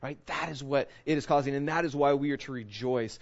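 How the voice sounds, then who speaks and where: A male pastor preaching an earnest sermon, often checking in with "right?" and slowing down to sink low on key phrases. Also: creaky, highs cut off. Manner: earnest, often asks 'right?'.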